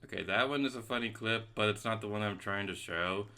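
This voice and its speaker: A man giving excitable, casual commentary over his own gameplay as a let's play host. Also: fairly low pitch, a little fast. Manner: excitable, venting frustration at the game.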